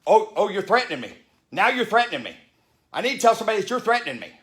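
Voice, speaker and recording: A man's voice: sits high, sing-song, very fast, fairly bright tone, voice pushed up. A man imitating a mealy-mouthed, rude male passenger with an indignant, nagging voice. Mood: accusing.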